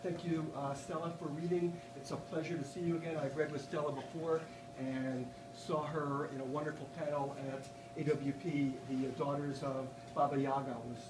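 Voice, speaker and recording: A man giving a live poetry reading in a bookstore, with chatty, halting asides between poems read in a dry, deadpan way. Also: a little high, noisy background. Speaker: poet reading his work. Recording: roomy audience recording from far off. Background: audience laughter.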